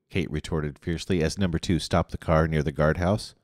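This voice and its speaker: Deep-voiced male audiobook narrator. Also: brisk, hardly any pauses, no echo, clean studio sound, in a large hall. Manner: expressive, animated reading. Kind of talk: scripted narration.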